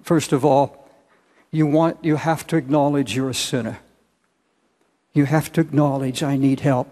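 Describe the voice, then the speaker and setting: Earnest older preacher in a reverberant church. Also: male voice, fairly high pitch, fairly even intonation. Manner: earnest, halting with restarts, rising to loud emphasis. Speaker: pastor. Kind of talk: sermon. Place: large church auditorium. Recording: long hall reverb.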